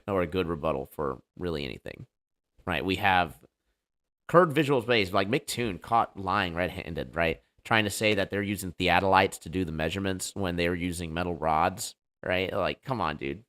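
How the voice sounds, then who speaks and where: A man hosts a casual livestream debate show, setting things up with loose, joking, hype-style banter. His voice sits low with a fairly bright tone.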